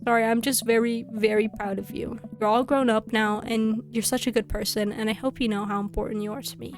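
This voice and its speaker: Woman reading as a sappy proud game dad, earnest, higher voice than a dad. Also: fairly even intonation, fairly quick, faint music behind, lightly acted. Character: warm earnest single dad, proud father.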